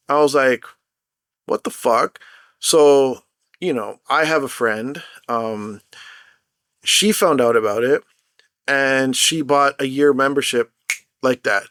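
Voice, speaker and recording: A young man ranting in an unscripted vlog, telling his story in a rambling, animated and profane way. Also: medium pitch, smooth, dry recording, clean studio sound. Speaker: mobile game content creator.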